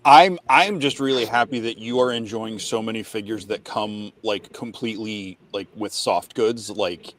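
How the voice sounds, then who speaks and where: A man's voice: on the low side, moderate pace, hardly any pauses, a bit bright. A man co-hosting a casual podcast chat, rambling and trailing off mid-sentence. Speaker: podcast co-host.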